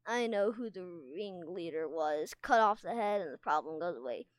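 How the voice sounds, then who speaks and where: A woman's voice: on the low side, lively intonation, normal speed, clear, resonant tone, no room sound, pitched below the performer's own voice, lightly acted. A woman reading aloud, voicing a huge, stern female dragon teacher who scolds her pupils.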